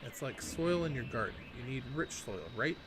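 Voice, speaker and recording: Lively sarcastic man reading game dialogue. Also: medium pitch, normal speed. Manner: reads game lines aloud, sarcastic swearing asides. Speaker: let's play host. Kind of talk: gameplay commentary reading dialogue aloud. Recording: clear background noise.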